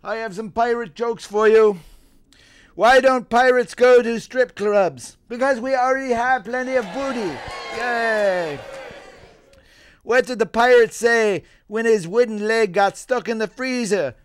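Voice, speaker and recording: A man's voice: very high-pitched, unhurried, smooth, no echo. A man playing a jolly, bawdy pirate captain who cracks puns and chuckles at his own jokes with piratey growls. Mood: jokey. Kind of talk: stand-up pirate character act.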